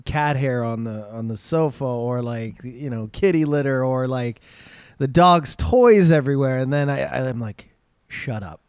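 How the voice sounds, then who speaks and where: A man's voice: mid-range voice, normal speed, a little mellow, clean tone, dry recording, clean studio sound. A man co-hosting a live talk show in casual chat, using lots of fillers and a playful tone. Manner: chatty, filler-heavy, playful.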